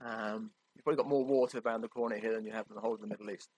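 A man's voice: fairly low pitch, fairly even intonation, racing, darkish tone, rough recording. A man preaching a sermon in a conversational, emphatic way, often checking in with his listeners.

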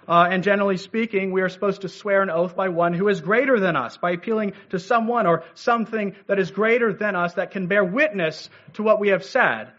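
A male pastor delivers a teaching sermon in a fairly high voice. He speaks in a measured way, sprinkling in "uh" and rhetorical "right?" checks. The recording sounds dull and lo-fi. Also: a bit bright. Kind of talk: expository sermon. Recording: dull lo-fi audio.

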